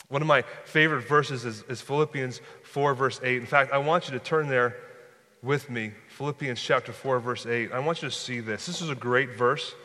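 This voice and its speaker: Male pastor, mid-pitched voice, sermon, conversational, stumbles and repeats words, long reverb of a church hall. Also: sharp tone. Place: church sanctuary.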